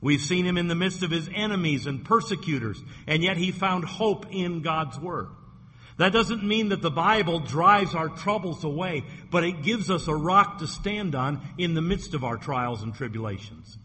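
A man's voice: on the high side, expressive, moderate pace, bright, forceful tone. A man preaching a sermon as pastor, earnest and given to repeating his words. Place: church sanctuary. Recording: echoey hall, faint background noise.

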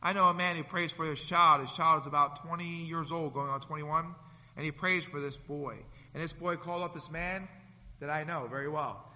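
A man preaching a sermon, swinging from loud to hushed and acting out the people in his stories. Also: fairly high pitch, steady tone, fairly quick. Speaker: pastor. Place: church sanctuary. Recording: long hall reverb.

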